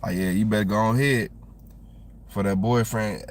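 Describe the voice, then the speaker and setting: A man's voice: fairly low pitch, steady tone, moderate pace, slight background noise. A young man with a Southern American accent, chatting casually and rambling on a livestream with lots of slang.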